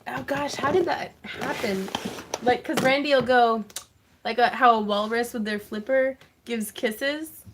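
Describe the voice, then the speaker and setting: A woman's voice: a little high, unhurried, background noise. A woman hosting a casual craft livestream, chatting to viewers in a gushing, effusive way and laughing often. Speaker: craft channel host.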